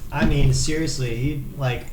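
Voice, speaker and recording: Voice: mid-range voice, steady tone, normal speed, darkish tone. Earnest rambly player, far off mic, roomy, noisy.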